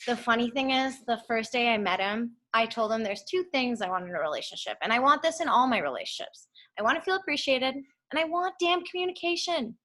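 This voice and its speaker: Young woman, guest speaker, candid and animated, swears a lot, slightly high, bright voice. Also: brisk. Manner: animated, swears often, acts out quotes. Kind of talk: candid personal story.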